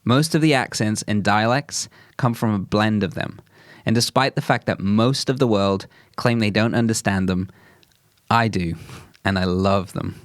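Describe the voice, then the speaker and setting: A man's voice: on the low side, measured pace, no echo, studio quality. A man co-hosting a podcast, enthusiastic and self-mocking with frequent laughs. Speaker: podcast co-host. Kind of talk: casual chat.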